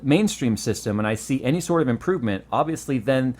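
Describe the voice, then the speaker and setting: A lively American man chatting on a tech podcast, his pitch jumping all over as he tells a story. He laughs easily, throws in swear words, and keeps a loose, joking rhythm. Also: fairly quick. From United States. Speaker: tech show host. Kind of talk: casual podcast chat.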